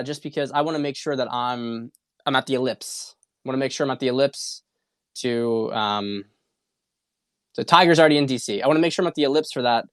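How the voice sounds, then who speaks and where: A man's voice: a little high, a bit bright, clean tone, no echo, clean studio sound. A man hosting a political talk stream, ranting in a rambling, repetitive and profane way with a lot of heat. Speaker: political commentary host. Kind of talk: casual livestream monologue.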